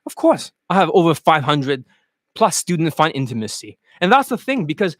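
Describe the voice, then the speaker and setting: A man giving a coaching rant as a dating coach, crude, animated and mocking. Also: on the high side, moderate pace, no echo, clean studio sound.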